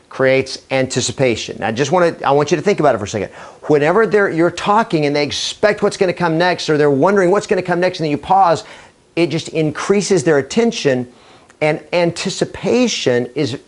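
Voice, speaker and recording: A man giving an enthusiastic training talk to camera as a real estate trainer, using deliberate dramatic pauses for emphasis. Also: on the high side, lively intonation. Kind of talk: energetic training video monologue.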